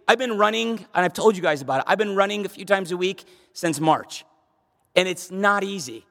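A middle-aged man preaching as pastor, with emphatic delivery that climbs to urgent high bursts. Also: lively intonation, fairly quick, gravelly, fairly bright tone. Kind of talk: sermon. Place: church sanctuary. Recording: long reverb of a church hall.

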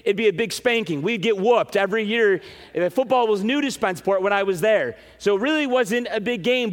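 High-voiced male preacher in a big hall. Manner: animated preaching, rhetorical "right?" asides. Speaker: pastor. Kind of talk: sermon. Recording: reverberant hall.

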